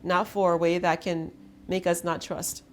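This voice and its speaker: A woman's voice: lowish voice, level tone, measured pace, a little hiss or hum. A woman hosting an intimate conversation, telling her story in an earnest, emphatic way. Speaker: host.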